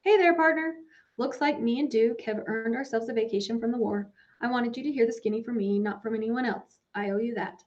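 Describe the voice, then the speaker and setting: A woman's voice: fairly high pitch, a little fast, darkish tone, natural voice. A woman voicing an easygoing wounded young soldier writing home in a folksy way, on a dull lo-fi recording.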